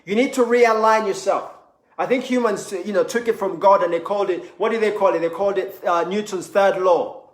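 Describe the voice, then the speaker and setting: Motivational speaker, man, high voice, emphatic storytelling, echoey room. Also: brisk. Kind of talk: motivational seminar talk.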